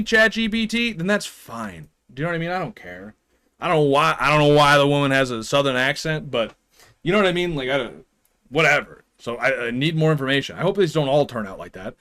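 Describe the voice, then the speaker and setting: A man with a high voice that swings widely up and down chats casually on a live stream. He is opinionated and rambling, and he laughs often between points. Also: a bit bright.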